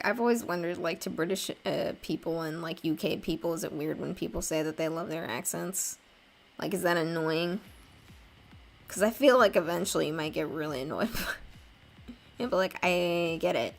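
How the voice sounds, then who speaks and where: A woman's voice: lowish voice, vocal fry. A young woman chatting casually with viewers while drawing live, rambling and poking fun at herself. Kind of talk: casual livestream chat.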